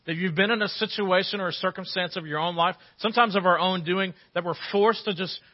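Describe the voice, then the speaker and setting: Pastor preaching, slightly high voice. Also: male voice, a little fast, lo-fi sound. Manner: storytelling with lively acted quotes. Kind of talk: sermon.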